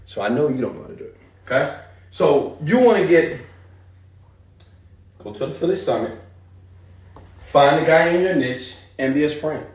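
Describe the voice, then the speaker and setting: A man teaching a live seminar, talking straight to the audience in an animated, hype-driven way. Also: on the high side, roomy sound, far from the mic. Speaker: speaker teaching an online marketing seminar.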